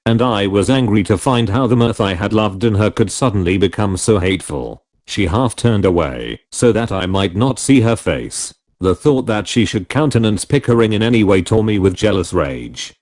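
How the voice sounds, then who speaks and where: Male audiobook narrator, low, animated storytelling voice. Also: normal speed, few pauses. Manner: expressive first-person storytelling. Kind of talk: scripted narration.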